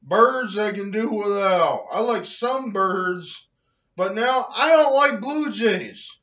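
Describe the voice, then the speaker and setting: A man delivering a loud, angry comedic rant, with slow drawn-out shouted outbursts. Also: sits high, expressive. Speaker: comedic vlogger ranting to camera. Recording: dull lo-fi recording.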